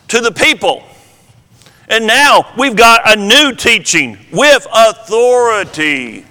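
Key words come back again and again as a man gives a slow, emphatic sermon of Bible teaching. His voice is high, bright and forceful, followed by a long reverb through the hall.

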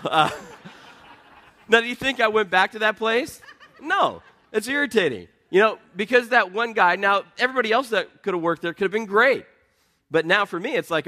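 Higher-pitched male pastor telling stories. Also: brisk. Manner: conversational storytelling with self-deprecating humor; lively, rising when telling anecdotes. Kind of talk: sermon.

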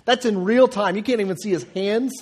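A man's voice: sits high, a little fast, darkish tone, some chatter behind. A man in his thirties preaching a sermon as pastor, chatty and humorous, with many fillers and restarts. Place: church auditorium.

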